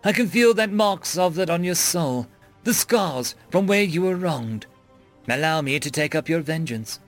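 A man's voice: a little high, lively intonation, unhurried, soft background music. A man voicing an imperious vengeful female spirit. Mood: grave. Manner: commanding, scornful.

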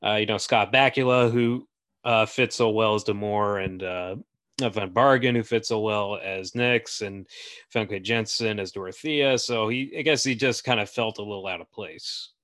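A man's voice: on the low side, normal speed, a bit bright, no room sound, clean studio sound. A man hosting a podcast, chatting casually about films with frequent fillers and restarts. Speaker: podcast host. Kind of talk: casual film discussion.

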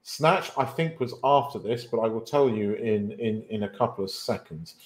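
A man's voice: on the low side, moderate pace. Rambling podcast host, man. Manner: rambling, self-correcting, swears casually. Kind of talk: casual film chat.

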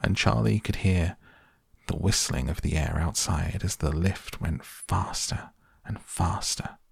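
A man reading a children's story aloud in a measured, expressive narration. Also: low voice, vocal fry, husky, dry recording, clean studio sound. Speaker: audiobook narrator.

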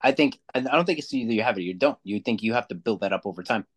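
A man's voice: fairly low pitch, very fast. Blunt, swearing man coaching talk. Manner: blunt, profane, animated. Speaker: podcast co-host; jujitsu kids' class coach. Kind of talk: casual chat.

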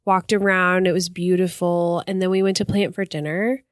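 A woman in her thirties co-hosting a podcast, nasal and stuffed up from a cold, chatty and quick to laugh. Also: on the low side, little pitch movement, dry recording, studio quality. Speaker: podcast co-host. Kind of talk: casual chat.

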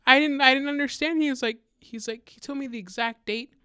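A fairly high, crisp woman's voice, close to the mic in a dry room. She tells her story casually, full of fillers, and acts out the quotes with lively shifts. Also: fairly quick, no echo. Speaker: guest speaker.

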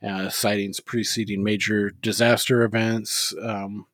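A man's voice: fairly low pitch, level tone, a little slow, a bit bright, no room sound. A man co-hosting a casual movie podcast, rambling with lots of fillers and swearing freely. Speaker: podcast co-host.

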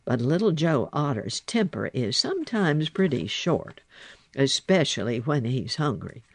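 A man reads a storybook aloud at an unhurried pace. His voice carries a gravelly edge and rises and falls with lively expression. The sound is dry and close, with no room around it. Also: mid-range voice, no echo. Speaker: narrator. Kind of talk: storybook reading.

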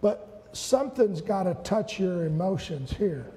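High-voiced older preacher in a big hall. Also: male voice, expressive, unhurried. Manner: preaching with shouted peaks and playful asides. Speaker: pastor. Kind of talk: sermon. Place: church sanctuary.

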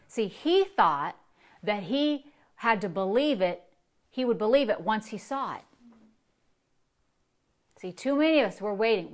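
Woman pastor preaching, hushed to emphatic. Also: mid-range voice, expressive, unhurried. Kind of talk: sermon.

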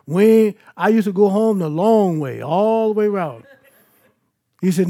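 A man's voice: sits high, lively intonation, moderate pace, warm tone. A man preaching a sermon at an evening church service, moving between scripture and personal stories in an emphatic, conversational way.

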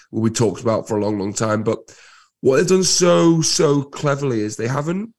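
Guy co-hosting, husky voice from a cold, mid pitch, keeps stressing points. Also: darkish tone. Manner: enthusiastic, emphatic repetitions. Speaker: podcast co-host. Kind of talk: casual podcast chat.

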